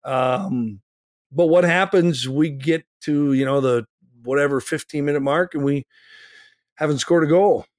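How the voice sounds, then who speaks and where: A man co-hosting a soccer podcast, talking through a match in casual chat and getting animated when he makes a point. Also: unhurried, no room sound, clean studio sound. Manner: animated, rises in pitch when making a point.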